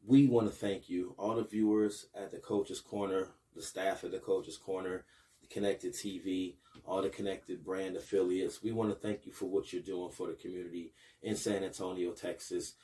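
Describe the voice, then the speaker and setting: A man's voice: low voice, moderate pace, far from the mic. A man in his thirties from Buffalo, New York, hosting a casual podcast as a basketball coach and hyping up his viewers. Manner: hypes up viewers, rising excitement with promos.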